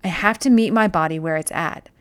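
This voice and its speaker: A woman with a lowish, slightly fast voice speaks as a wellness host in a casual explanatory talk. She's conversational and often restarts and repeats words.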